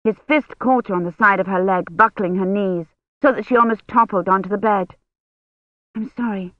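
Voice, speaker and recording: An audiobook narrator reading a novel in an even, measured way. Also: medium pitch, dry recording. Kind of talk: scripted narration. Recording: dull dry lo-fi audio.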